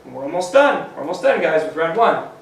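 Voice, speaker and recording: Guy teaching kids phonics, slow and upbeat, sounds far from the mic, faint hum behind. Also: on the high side, sing-song, gravelly. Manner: slow, encouraging, sounds out letters. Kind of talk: phonics lesson for children. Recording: echoey room, mic at a distance.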